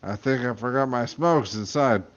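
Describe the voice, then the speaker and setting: A man's voice: mid-range voice, normal speed, dull audio, natural voice. A man voicing a crude, scheming little creature that smokes. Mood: offhand. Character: crude scheming small creature, chain-smoking.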